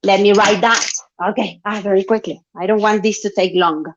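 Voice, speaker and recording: A woman teaching an English class online, speaking slowly and patiently, coaxing her students and stretching out words. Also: medium pitch, fairly even intonation. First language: Spanish. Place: home room on an online video class. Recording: dull lo-fi video call audio.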